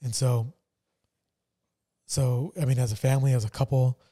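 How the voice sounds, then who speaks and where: A man co-hosting a podcast, telling a painful family story in a somber, halting way with many fillers. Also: mid-range voice, steady tone, dark tone. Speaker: podcast co-host. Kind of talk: casual personal testimony.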